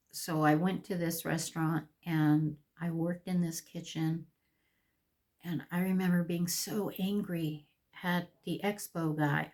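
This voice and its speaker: A woman vlogger telling her own story in a casual, animated, candid way, with plenty of swearing. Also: fairly low pitch. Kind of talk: casual storytelling while getting ready.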